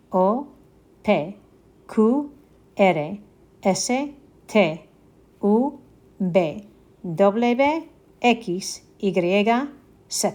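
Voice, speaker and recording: A woman teaching at an unhurried, deliberate pace, with a voice of ordinary middle pitch. She guides learners through repeat-after-me drills with patient encouragement and frequent check-ins. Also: a little mellow. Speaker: Spanish teacher. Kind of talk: slow repeat-after-me language lesson.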